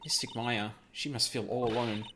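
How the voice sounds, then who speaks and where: A man voicing a scared little girl in a game, reading her lines in a high, pleading voice. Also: little pitch movement, moderate pace, background noise, natural voice. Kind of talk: reading game dialogue aloud.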